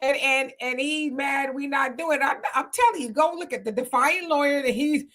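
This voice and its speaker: A woman's voice: sits high, normal speed, a bit bright. A middle-aged woman hosting a live stream, chatty, laughing often and greeting viewers. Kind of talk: casual live chat reading comments.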